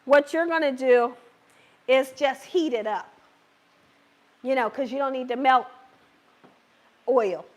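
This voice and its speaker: High-voiced woman with a scratchy voice. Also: slow pace, long pauses, darkish tone. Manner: chatty, reassuring, keeps checking in with viewers. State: hoarse, scratchy voice. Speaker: cooking channel host. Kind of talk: live cooking demonstration. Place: home kitchen.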